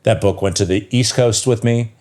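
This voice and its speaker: A man in his thirties with a notably low, deep voice, speaking as a guest on a casual podcast. He tells his story with passion and swears freely. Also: steady tone, moderate pace, a little mellow. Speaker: podcast guest, yoga teacher and connection coach.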